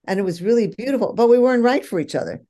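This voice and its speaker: A woman's voice: a little high, lively intonation, racing, dark tone. A woman guest in a casual conversation, telling personal stories in an earnest, reflective way.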